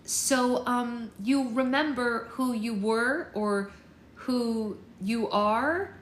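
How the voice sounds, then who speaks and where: A woman's voice: on the high side, extremely slow, roomy sound, slight background noise, pitched above the performer's own voice. A woman voicing a flustered young witch who stammers and trips over her words. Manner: hesitant, stammering.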